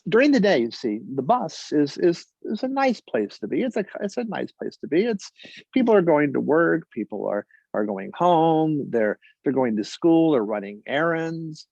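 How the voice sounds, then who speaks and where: A man telling a wry personal story on stage, halting and full of restarts. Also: fairly high pitch, sing-song, vocal fry, a little mellow, no room sound, lo-fi sound.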